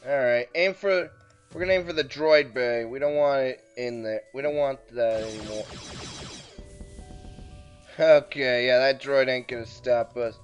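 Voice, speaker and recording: A let's-play host talks casually over his game in a medium-pitched, clear, resonant voice at a measured pace, cracking jokes and erupting in frustration now and then. His manner is excitable and jokey. The recording sounds muffled, with faint music in the background.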